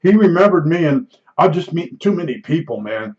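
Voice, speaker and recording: A man's voice: a little high, very animated, fairly quick, a little mellow. An older man telling meandering stories in casual chat, often restarting sentences and chuckling at his own anecdotes. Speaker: vlogger. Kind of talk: rambling casual storytelling. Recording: dull lo-fi recording.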